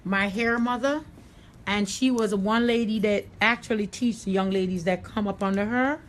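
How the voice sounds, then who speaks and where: A woman's voice: mid-range voice, steady tone, moderate pace, slight background noise. Blunt New York woman hairstylist. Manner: blunt, confident, streetwise, with Southern-tinged slang. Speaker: hairstylist and salon owner. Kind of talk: livestream haircut tutorial.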